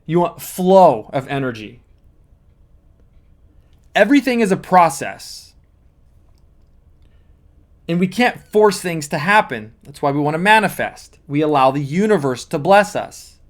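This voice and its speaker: A man's voice: fairly high pitch, sing-song, unhurried, long pauses. A man speaking as a manifesting coach, explaining step by step in an earnest teaching monologue with repeated emphasis.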